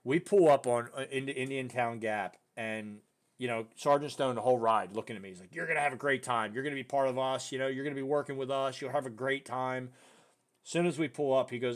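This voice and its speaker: A young man hosting a podcast, telling a story in loose casual chat and jumping his voice up high when he quotes people. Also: a little fast. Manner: animated, voice jumps high when quoting people; loose, filler-heavy talk with "dude" and "you know". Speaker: podcast host.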